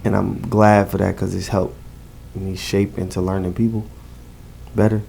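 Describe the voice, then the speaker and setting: A man's voice: sits low, level tone, normal speed, gravelly, dark tone, a little hiss or hum. A man with a New Jersey accent talking casually in a podcast interview, emphatic and slangy, repeating phrases. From Newark, New Jersey. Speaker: event host and guest.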